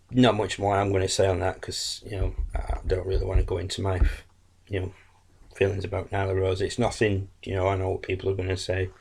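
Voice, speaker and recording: A man's voice: low-pitched, vocal fry. A man giving a casual, blunt, rambling wrestling review, full of fillers and self-corrections. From England.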